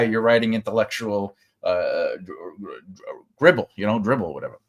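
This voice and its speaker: A man from the United States giving a casual, rambling live writing lesson, full of fillers and restarts. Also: on the low side. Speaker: writing teacher.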